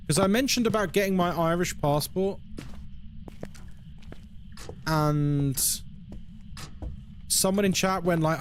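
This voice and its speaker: A man streaming live and chatting casually with viewers, animated and swearing freely. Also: sits high, slow pace, pauses often, slight background noise. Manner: animated, swears freely, drops into mock voices.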